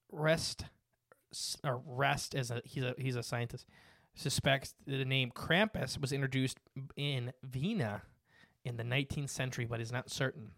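Male podcast host, relaxed chatty delivery, reads from notes, dry close sound. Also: medium pitch, gravelly, no room sound. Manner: reads notes aloud with fillers and asides. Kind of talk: casual podcast chat.

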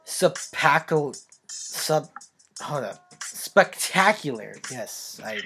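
A man's voice: fairly high pitch, expressive, normal speed, a bit bright. A teenage boy hosts a loose, casual conversation with friends. He rambles through filler words and laughs often. Faint music runs underneath. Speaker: host. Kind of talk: casual group chat.

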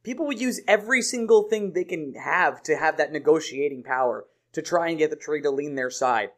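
A man's voice: fairly high pitch, animated, fairly quick. A man hosting a sports podcast in easygoing, casual chat, laughing often. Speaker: podcast host.

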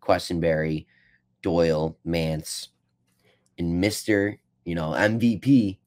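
A man's voice: sits low, fairly even intonation, slow pace, darkish tone. A man co-hosting a casual sports podcast, talking hesitantly with lots of restarts. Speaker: podcast co-host.

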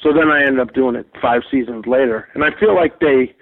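A comedian calling in as a guest, telling animated, profane anecdotes and acting out the dialogue of others. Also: male voice, mid-range voice, brisk. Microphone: phone. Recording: tinny phone line.

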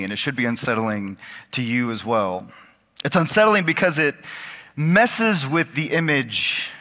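A man's voice: mid-range voice, sharp tone. Man preaching in a reverberant church. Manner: slows down and stresses words, rising for emphasis. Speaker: pastor. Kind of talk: sermon. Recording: church hall with long reverb.

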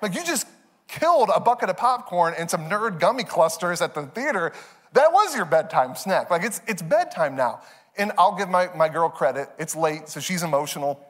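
A man preaches in a lively storytelling style. His voice sits fairly high, and he slips into his kids' voices with bursts of laughter. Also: moderate pace, in a large hall. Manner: animated, acts out his kids in high voices, laughs often. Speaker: pastor. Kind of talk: storytelling sermon. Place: church stage.

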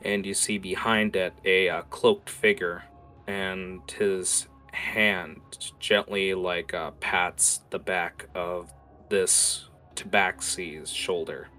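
Guy running a tabletop game, bright punchy voice, lotsa ums and likes. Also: low voice, slow, soft background music. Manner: animated, lots of filler words. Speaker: game master.

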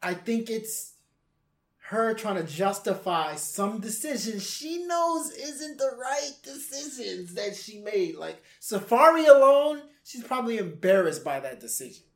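A man's voice: high voice, big pitch swings, a little slow, fairly bright tone, echoey room. A man co-hosting a music podcast in casual chat, building his points reflectively with frequent "you know". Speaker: podcast co-host.

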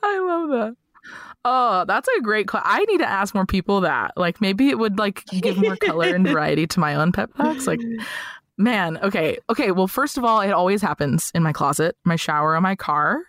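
A woman's voice: mid-range voice, sing-song, moderate pace, fairly bright tone, dry recording, studio quality. A young adult woman talking casually as a podcast guest, bubbly and chatty, laughing often. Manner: bubbly, chatty, full of laughs and filler likes. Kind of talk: casual chat.

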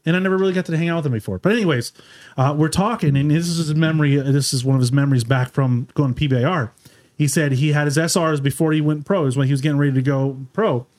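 A man's voice: quick pace, darkish tone. A man hosting a casual podcast in a garage, telling stories in a rambling way with restarts. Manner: rambling storyteller, imitates others with raised pitch. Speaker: podcast host.

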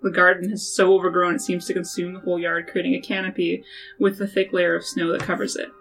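A woman's voice: on the low side, flat delivery, quick pace, fairly bright tone, faint music behind, poor audio. A woman narrating as game master of a tabletop role-playing podcast, describing scenes in an atmospheric way.

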